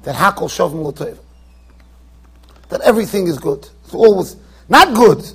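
A man with a strikingly high, husky voice teaches a Torah class in a yeshiva study hall. He lectures with emphasis, throws rhetorical questions at his listeners and circles back over the same phrases. He often stumbles into quick restarts as he builds an argument. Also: lively intonation.

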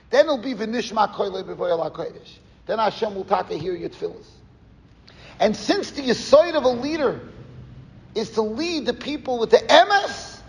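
A man giving a Torah class as a rabbi, in a lively yeshiva-style lecture, telling stories and mixing Yiddish and Hebrew terms into his English. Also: high-pitched, long reverb tail. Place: summer camp hall.

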